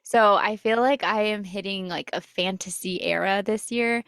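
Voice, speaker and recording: A woman's voice: mid-range voice, moderate pace, fairly bright tone, clear, resonant tone, no room sound, studio quality. Enthusiastic young woman podcast co-host. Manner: enthusiastic, chatty. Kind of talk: casual book chat.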